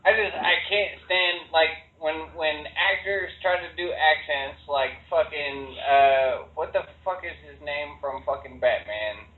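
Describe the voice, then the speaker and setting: A man's voice: a little high, measured pace, few pauses. A man co-hosting a casual podcast, ranting bluntly with heavy swearing. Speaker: podcast co-host. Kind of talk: casual profane banter. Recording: phone-like lo-fi echoey room.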